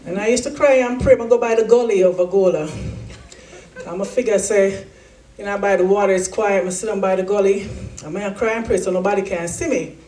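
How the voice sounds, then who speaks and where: A woman's voice: medium pitch, fairly quick, far from the mic. A woman gives a motivational speech, acting out the voices in her story with animation. She sounds set back from the microphone, and a large hall echoes around her. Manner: animated storytelling, acts out quotes. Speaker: keynote speaker.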